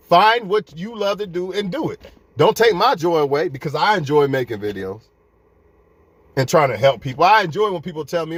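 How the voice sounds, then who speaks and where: A man's voice: a little high, no room sound. A man giving fiery life advice to his viewers in a profane, preachy rant.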